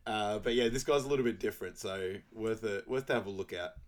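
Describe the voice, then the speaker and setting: A man's voice: on the low side, quick pace. A man co-hosting a casual movie recap podcast, retelling scenes and laughing often. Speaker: podcast co-host.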